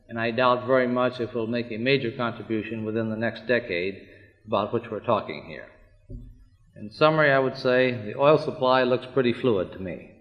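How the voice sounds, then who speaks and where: Formal man in a dull, echoing hall. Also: mid-range voice. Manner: deliberate, formal. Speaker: conference speaker. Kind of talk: prepared conference talk. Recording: dull, reverberant hall recording.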